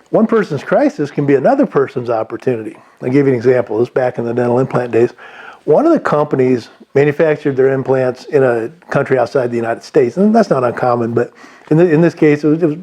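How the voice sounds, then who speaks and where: A man's voice: medium pitch, warm tone. A man giving unscripted sales advice, rambling with many restarts and fillers. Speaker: sales trainer.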